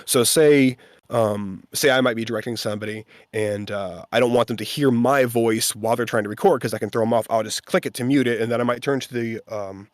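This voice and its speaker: A man, a voice actor, telling an animated story in a casual interview and acting out the people he quotes. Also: medium pitch, a little fast, dry recording, studio quality. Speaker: voice actor guest.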